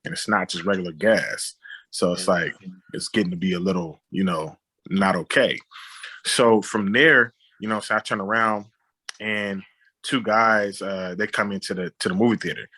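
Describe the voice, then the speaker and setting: Guy telling a story, kinda low and husky, sharp forceful delivery, does sound effects. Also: moderate pace. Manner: frequent "you know what I'm saying". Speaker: guest, film director. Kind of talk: telling a personal story on a podcast.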